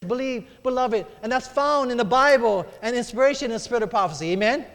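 A man's voice: extremely high pitch, fairly quick. A middle-aged man preaching a sermon, telling a personal story and acting out the voices in it, calling for amens from the congregation. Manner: storytelling, acts out quoted voices, calls for amens. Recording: long hall reverb.

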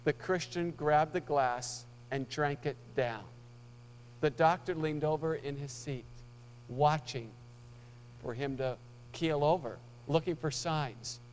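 A man preaching a sermon and telling a story, swelling louder on key points and dropping soft and low for tense moments. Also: takes it slowly. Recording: hall reverb with mains hum.

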